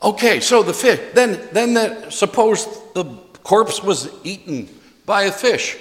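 A man preaching a sermon as pastor, emphatic and folksy, shifting between loud stresses and soft asides to his congregation. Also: sits high, lively intonation, unhurried, big-room sound.

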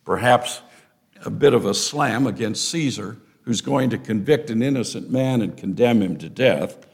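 An older man, a pastor, preaching an expository sermon in a deliberate, emphatic way with rising stresses. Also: mid-range voice, animated, creaky.

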